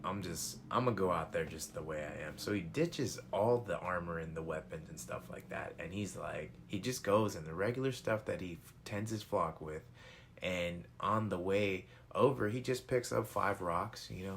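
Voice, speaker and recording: A man retells a Bible story in a loose, slangy, conversational way, full of fillers and asides. His voice is very low and gravelly with vocal fry. There is a faint hiss behind him. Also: fairly bright tone. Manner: laid-back and slangy, many fillers.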